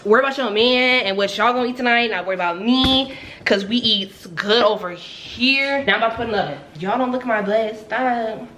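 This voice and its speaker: A woman's voice: on the high side, quick pace, fairly bright tone. A young woman vlogging casually while she cooks at home, chatty and self-mocking, with dramatic asides. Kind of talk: casual cooking vlog chat. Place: home kitchen. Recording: echoey kitchen with noise.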